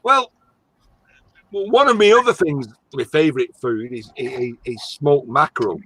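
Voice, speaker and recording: A man's voice: mid-range voice, expressive, a little slow, pushed and bright, slightly rough, dry recording, rough recording. A man chatting casually in a workshop, telling crude jokes with his co-hosts. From Ireland. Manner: joking, crude banter. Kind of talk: casual chat. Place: office workshop.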